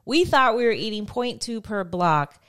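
A woman's voice: mid-range voice, animated, normal speed, a bit bright. A woman co-hosting a podcast, telling a story in casual chat and giggling often. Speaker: podcast co-host.

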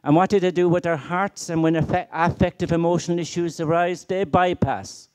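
A man's voice: on the high side, steady tone, moderate pace, darkish tone, clean tone. A middle-aged man giving a conference keynote, emphatic and full of rhetorical questions and stories. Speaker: keynote speaker.

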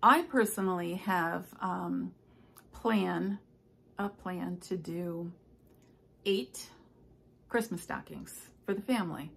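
A woman's voice: fairly low pitch, slow, creaky, long pauses, breathy edge. A woman in her sixties chatting casually at home about her stitching projects, rambling with many fillers. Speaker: stitching vlogger. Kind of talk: casual chat. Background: household noises, clock and ice maker.

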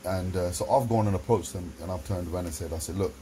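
Blunt, low-voiced man. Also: fast talker, slight background noise, poor audio. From London. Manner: blunt and heavy with swearing. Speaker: vlogger. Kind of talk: casual monologue to camera.

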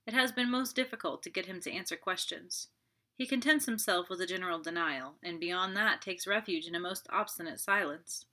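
A woman's voice: mid-range voice, bright, forceful tone, natural voice. A woman reading a pompous French magistrate. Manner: pompous, sighing, chatty. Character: fussy self-satisfied older French magistrate, man.

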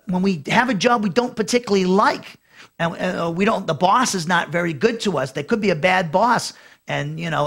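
A man's voice: high-pitched, fairly bright tone. A middle-aged male pastor giving a verse-by-verse Bible lesson, talking conversationally with frequent fillers and restarts.

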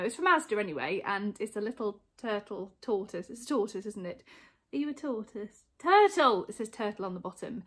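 A woman in her forties, chatting casually to camera at home in a rambling, filler-filled way. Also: medium pitch. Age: 40s. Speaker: vlogger. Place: home, living room.

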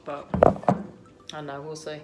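A woman's voice: sits low, completely flat delivery, measured pace, loud music behind the voice. A woman with an Australian accent chatting casually to camera as a vlogger at home, rambling with lots of ums.

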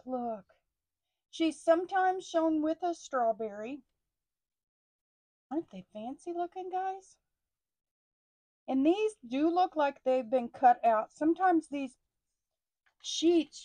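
A middle-aged woman with a drawl gushes over her haul in an unhurried, drawn-out way. Her voice sits a little high and sounds close and dry, with no room around it. She often drops to hushed, breathy asides. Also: lively intonation, dry recording. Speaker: stationery haul vlogger. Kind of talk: casual unboxing chat.

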